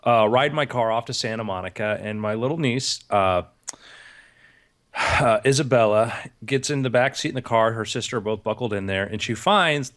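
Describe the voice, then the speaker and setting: A man co-hosting a podcast, telling stories in a lively way. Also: medium pitch, moderate pace. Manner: animated storyteller acting out quotes. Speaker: podcast co-host. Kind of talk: casual storytelling chat.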